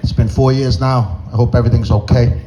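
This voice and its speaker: A man's voice: mid-range voice, fairly even intonation, a little fast, dark tone, highs cut off, a little hiss or hum. A man doing stand-up, groggy from medication, telling rambling, profane stories and laughing at his own jokes. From Boston North End. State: groggy on antihistamine. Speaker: stand-up comedian. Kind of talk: stand-up storytelling.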